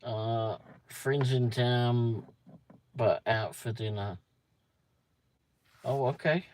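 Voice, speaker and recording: A man's voice: mid-range voice, extremely slow, darkish tone, a little hiss or hum. A man hosting a casual livestream, reading a pub menu aloud with muttered asides and the odd swear word. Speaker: livestream host.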